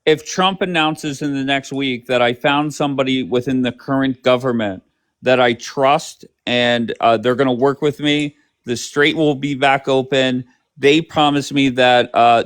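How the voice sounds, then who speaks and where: A man's voice: medium pitch, steady tone, moderate pace, smooth. A man hosting a live stream who presses his caller with pointed questions and keeps interrupting. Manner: pressing, interrupting, asks for yes or no. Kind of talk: casual political debate.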